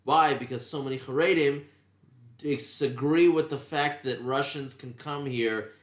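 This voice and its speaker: A man's voice: medium pitch, measured pace. A man co-hosting a casual chat, chiming in with wry questions. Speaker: podcast co-host. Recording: echoey room.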